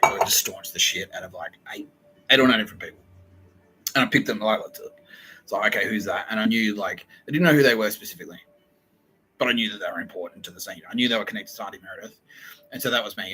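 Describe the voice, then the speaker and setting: Profane rambling man with a bright voice. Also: fairly low pitch, poor audio. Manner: profane, swings between loud outbursts and muttering. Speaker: podcast host. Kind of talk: rambling monologue.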